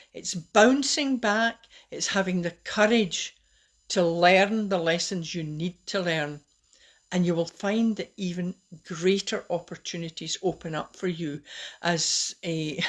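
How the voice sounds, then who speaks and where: Low-voiced woman giving a chatty live talk. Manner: chatty, personal, with self-deprecating laughs. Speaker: host of a live talk on resilience. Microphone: webcam or phone on a live stream.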